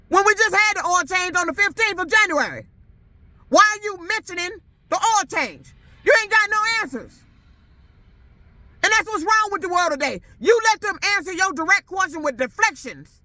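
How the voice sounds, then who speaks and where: An irate woman rants straight to camera, her high voice swinging wildly up and down as she hammers the same questions again and again. Her tone is bright and cutting, and she swears freely. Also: lively intonation, normal speed, dry recording. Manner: irate, profane, repeats herself. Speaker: vlogger. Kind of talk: angry rant to camera.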